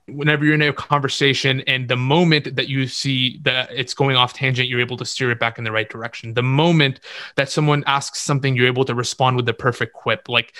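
A man's voice: mid-range voice, bright, forceful tone, dry recording, studio quality. A man speaking as a podcast guest, giving confident, instructive advice in casual interview talk and repeating words for stress.

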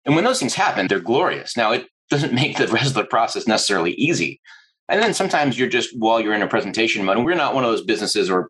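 Man, forties, low voice, husky, bright tone, enthusiastic guest storytelling. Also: poor audio. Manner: enthusiastic storyteller, acting out quotes. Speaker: agency owner, guest. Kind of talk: interview conversation.

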